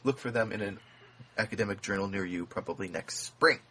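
A man's voice: on the low side, a little fast, pushed and bright, husky. A young man hosting a podcast in casual banter, with a wry, mock-grandiose manner. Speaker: podcast host.

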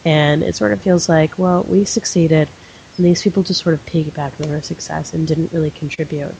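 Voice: medium pitch, steady tone, a little fast, creaky, a little mellow. A podcast co-host explaining game mechanics step by step in casual chat. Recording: dull lo-fi mic with faint hiss.

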